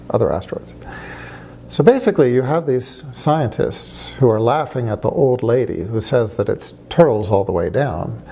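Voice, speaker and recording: A man talks through his argument, asking rhetorical questions and telling wry stories along the way. His voice is mellow and dark at mid pitch. A faint noise sits under the recording. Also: vocal fry. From United States. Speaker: speaker on religion. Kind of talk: conversational argument to camera.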